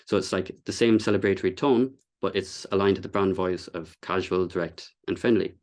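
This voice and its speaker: Man, low voice, casual meetup speaker, explanatory, loose with fillers. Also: steady tone, fairly quick, a little mellow. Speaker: content designer giving a talk. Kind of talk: presentation to a meetup audience.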